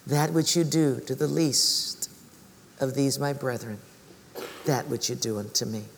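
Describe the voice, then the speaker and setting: A man voicing a gentle, kindly Lord who speaks reassuringly, in a reverberant hall. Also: mid-range voice, a little slow, a little hiss or hum, pitched below the performer's own voice, lightly acted.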